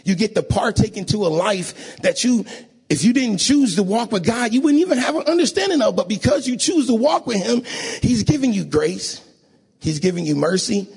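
A man preaching a sermon in a church, emotional and rising to sing-song shouts, often asking the congregation to agree. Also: high-pitched, animated, normal speed, creaky, slightly rough. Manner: call-and-response, asks audience to agree.

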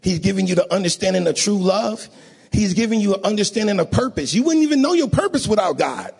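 A man preaching a sermon in a church, emotional and rising to sing-song shouts, often asking the congregation to agree. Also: high-pitched, animated, fast talker, gravelly, breathy edge. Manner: call-and-response, asks audience to agree.

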